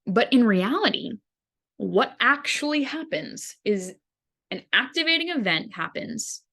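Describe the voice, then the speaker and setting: A woman's voice: fairly high pitch, sing-song, measured pace, gravelly, pushed and bright. A woman hosting a wellness podcast as a dietitian, explaining ideas in a casual, conversational way with everyday examples. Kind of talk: casual teaching monologue.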